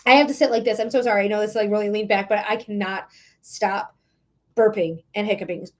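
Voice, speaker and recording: A woman's voice: medium pitch, fairly even intonation, fast, darkish tone. A woman giving a live-streamed tarot reading, chatty and frank, swearing casually as she talks. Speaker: tarot reader.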